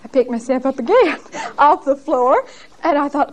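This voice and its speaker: A woman teaching a Bible study in a church, emphatic and animated, laughing at herself as she tells stories. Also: sits high, moderate pace.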